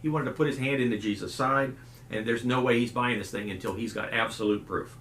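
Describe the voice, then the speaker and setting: A man's voice: mid-range voice, a little fast, slight background noise. A middle-aged man, a youth pastor hosting a casual devotional talk, telling folksy stories and acting out voices. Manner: folksy storyteller, animated quoted voices. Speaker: youth pastor and video host. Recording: roomy echo.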